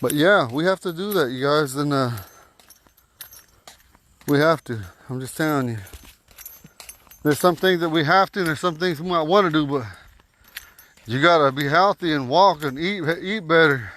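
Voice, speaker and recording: A man giving a casual, folksy language lesson while out walking at night, talking into a phone and repeating words slowly. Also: on the high side, fairly bright tone. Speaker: language teacher. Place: outdoors at night on a walk.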